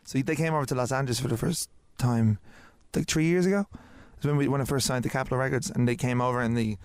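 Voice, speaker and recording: A man's voice: medium pitch, darkish tone, clear, resonant tone, no echo, studio quality. A man in his twenties with a Dublin Irish accent, telling stories as a podcast guest in casual, swear-laden chat. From Ireland. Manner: rapid, swearing, laughing storyteller. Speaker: guest singer.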